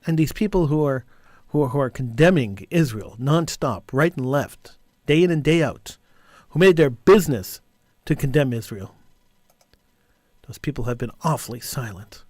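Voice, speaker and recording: A man's voice: medium pitch, expressive, normal speed, darkish tone, no room sound, studio quality. A man hosting a call-in talk radio show, delivering an impassioned, indignant monologue and repeating phrases for emphasis.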